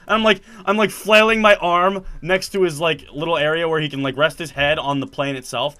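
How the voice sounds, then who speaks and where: A young man telling a story in casual chat, acting out the quotes loudly and animatedly. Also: a little high, normal speed, clear, resonant tone.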